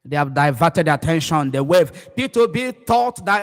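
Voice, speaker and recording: A man with a Nigerian accent preaching a live broadcast as a pastor, impassioned and repetitive, swinging between shouts and low murmurs. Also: expressive, normal speed, few pauses, big-room sound.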